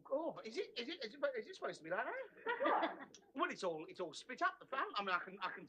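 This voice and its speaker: An actor playing an exasperated middle-aged husband in a sitcom, who stammers and gets flustered. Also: male voice, very high voice, wildly swooping pitch, fast talker, full character voice. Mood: joking. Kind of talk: 1970s studio sitcom acting. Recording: loud hiss on old TV audio.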